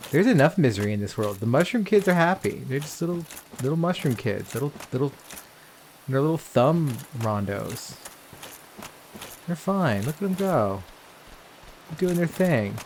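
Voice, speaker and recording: A man's voice: medium pitch, expressive, moderate pace, long pauses, darkish tone, a little hiss or hum. A man giving casual, profane gameplay commentary, chatting to viewers and to the characters on screen. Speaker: let's play gamer.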